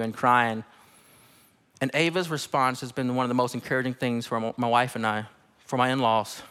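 Bright-voiced young male pastor preaching. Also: mid-range voice, brisk, smooth, in a large hall. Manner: conversational, animated preaching. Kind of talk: sermon. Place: church sanctuary.

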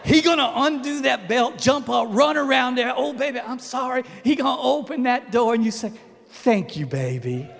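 A man preaches in a light, high voice. He jokes in a folksy way and drops to a hush to make a point. A long church-hall reverb trails his words. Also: lively intonation, moderate pace, vocal fry. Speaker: pastor. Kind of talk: sermon. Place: church sanctuary.

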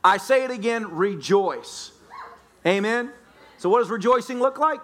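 A man preaching a lively sermon as pastor, laughing often and breaking into shouts. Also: high voice, measured pace, heavy background noise. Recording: church sermon recording.

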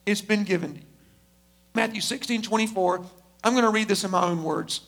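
High-voiced male preacher telling a story. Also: fairly even intonation, a bit bright. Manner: shifts from quick asides to slow, emphatic phrases. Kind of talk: sermon storytelling.

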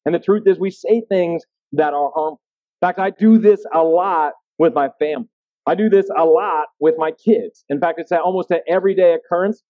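A man's voice: a little high, fairly quick, dry recording. A man in his thirties preaching a sermon in a casual, self-deprecating way, often checking in with the room. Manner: self-deprecating, conversational, asks the room "right?". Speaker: pastor. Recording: dry, phone-like narrow sound.

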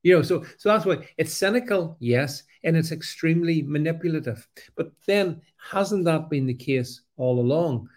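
A man giving a casual opinion monologue, halting and repeating himself, with a sarcastic edge. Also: on the high side. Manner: halting, many fillers and restarts, sarcastic. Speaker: political commentator.

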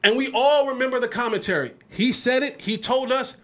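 With a very high-pitched voice, a slightly fast pace, and hardly any pauses, this solo sports podcaster makes his points emphatically, repeating words for effect in an animated delivery.

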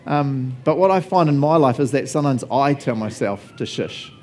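Chatty man preaching with a mellow voice. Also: medium pitch, expressive, moderate pace. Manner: conversational, laughs often, asks the congregation questions. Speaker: pastor. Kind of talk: sermon.

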